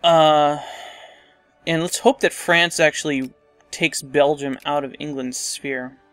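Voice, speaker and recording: A man's voice: on the high side, fairly even intonation, slow pace, a bit bright, dry recording, faint music behind. A man casually commenting on a strategy game as he plays, thinking aloud and muttering asides to himself. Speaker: let's play host.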